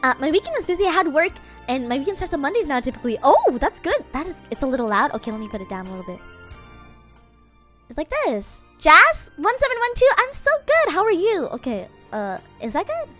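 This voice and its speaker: A young woman with a very high, bright voice that leaps all over the place while she chats on a live stream. She sounds bubbly and giggly, thanking viewers one after another. Soft game music plays faintly behind her desk mic. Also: big pitch swings, a little fast. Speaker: VTuber streamer. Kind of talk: casual live-stream chat.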